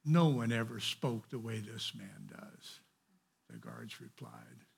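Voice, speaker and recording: A man's voice: mid-range voice, slow, gravelly, husky. A man leading an informal Bible study, reading passages aloud and adding digressive, conversational commentary.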